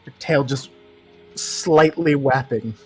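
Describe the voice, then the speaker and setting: A man's voice: medium pitch, slow pace, husky, faint music behind, low-quality recording. A man playing a tabletop game in a casual way, hesitating a lot and filling his speech with ums and uhs. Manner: hesitant, full of fillers. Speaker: player.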